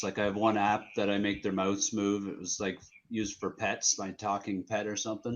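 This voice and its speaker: A man's voice: lowish voice, highs cut off, a little hiss or hum. A man talking as a guest on a livestream, friendly and explaining his process at length. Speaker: guest stop-motion creator. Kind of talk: casual livestream chat.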